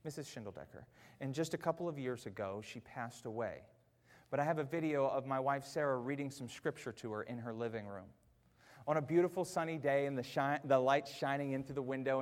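A man preaching a sermon in a church auditorium, wearing a mic, chatty and self-mocking, swinging from quiet asides to shouted peaks. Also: medium pitch, big-room sound. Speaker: pastor.

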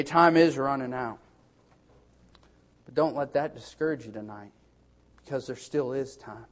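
A man preaching a sermon with fervor. He punctuates nearly every line with "hey" and builds into urgent exhortations. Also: on the high side. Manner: fervent, punctuates lines with repeated "hey".

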